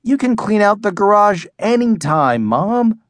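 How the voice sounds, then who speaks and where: A high, whiny young schoolboy begging to get his way in a children's storybook, as a man narrator puts him on. His pitch jumps around, and the read is slow and close to the mic. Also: sing-song, dry recording. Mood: pleading. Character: eager pleading young schoolboy.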